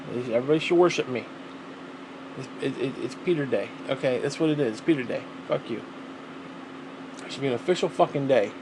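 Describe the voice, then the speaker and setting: A man's voice: a little high, background noise. A man talking casually to the camera at home, rambling and swearing freely. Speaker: vlogger.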